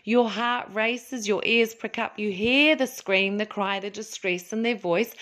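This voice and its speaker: Woman doing a calm spiritual talk, soft and slow, brit or aussie sounding, mid pitched voice. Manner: gentle, slow and soothing, with acted-out asides. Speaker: podcast host.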